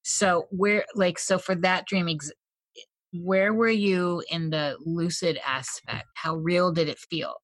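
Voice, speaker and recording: A woman with a low-pitched voice hosts the conversation and asks her questions in a reflective way. Her voice sounds dry and close, with no room around it, and the talk is casual. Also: steady tone, takes it slowly, no echo. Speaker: host. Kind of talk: casual interview chat.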